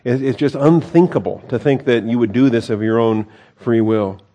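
A man teaching through a Bible passage, reading it aloud and then talking it over in a loose, conversational way. His voice is mellow and relaxed, and he drops in wry, self-correcting asides between the verses. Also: mid-range voice, moderate pace.

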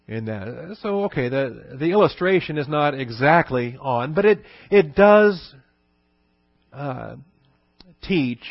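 A man's voice: medium pitch, dry recording. A man teaches a sermon, talking it through conversationally with rhetorical questions and frequent fillers. The recording is dull and lo-fi, and the sound is dry and close. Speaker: pastor.

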